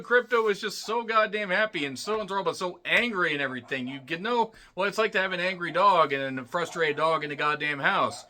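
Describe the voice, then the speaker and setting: Male film reviewer, slightly high, very bright and sharp voice, loose profane rambling delivery with throat clearing. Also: a little fast, slight background noise. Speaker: movie reviewer. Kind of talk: casual spoken film recap.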